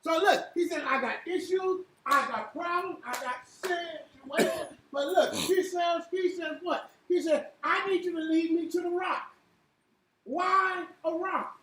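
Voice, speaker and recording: A woman leading an interactive church Bible lesson, quizzing the room with repeated "what?" and building to shouts. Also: very high voice, a little slow. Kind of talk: interactive sermon with call and response. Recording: echoey room from far off, faint hiss.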